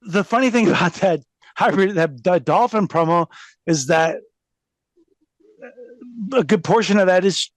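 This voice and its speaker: A man's voice: high-pitched, a little slow, long pauses, dry recording. A man telling stories as an interview guest, rambling, laughing often and mocking things. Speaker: guest, former pro wrestler. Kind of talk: casual interview storytelling.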